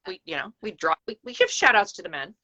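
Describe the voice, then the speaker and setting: Lively woman guest on a phone call. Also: medium pitch, quick pace. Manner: animated, laughing, talks in quoted asides. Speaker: guest, church history teacher. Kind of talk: casual video chat.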